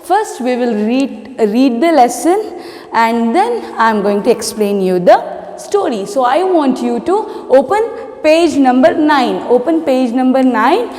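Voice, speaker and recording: A woman with an Indian English accent teaches an online English class for young children. She reads slowly, in a fairly high voice that rises and falls a lot. She repeats instructions patiently. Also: expressive, darkish tone. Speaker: primary school English teacher. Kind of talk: online class reading lesson.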